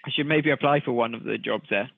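A man's voice: mid-range voice, creaky, no echo. Hesitant man on a tinny line. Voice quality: hesitant, frequent filler pauses. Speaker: podcast co-host. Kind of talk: casual chat. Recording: tinny phone-like dry line.

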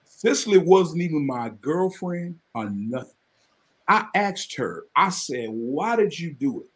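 A man, telling his life story as a guest on a live podcast, earnest and animated. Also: fairly high pitch, unhurried. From Mississippi, US. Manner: earnest, animated storytelling with sudden excited rises.

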